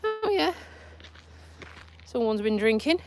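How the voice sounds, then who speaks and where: A woman's voice: fairly high pitch, very animated, slow pace, a little mellow, faint music behind. A woman from Lincolnshire with a Lincolnshire accent and a stuffy nose, chatting casually on a live stream while out walking, recorded on a phone. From Lincolnshire, England. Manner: chatty and self-mocking, with frequent laughs and dialect words. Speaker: vlogger. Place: outdoors on a countryside walk.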